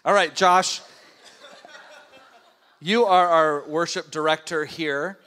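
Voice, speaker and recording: A man's voice: fairly high pitch, fairly even intonation, slow pace, pushed and bright. A man hosting a church service, interviewing leaders in a friendly, playful way. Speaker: host.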